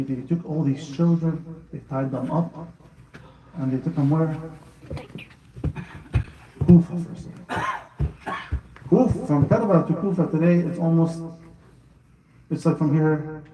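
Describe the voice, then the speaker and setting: A man's voice: a little high, unhurried, pauses often, dull audio, noisy background. A man preaching to children at a house gathering, asking them questions as he tells a story that builds to emotional recitation. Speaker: speaker at a children's majlis. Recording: echoey room, speaker far from mic.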